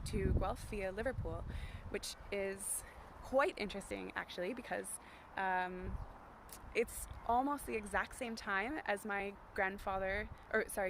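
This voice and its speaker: A woman's voice: medium pitch, noisy background. A young woman talking casually to camera in a vlog, chatty, with many fillers and self-corrections, recorded outdoors in the countryside. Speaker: vlogger.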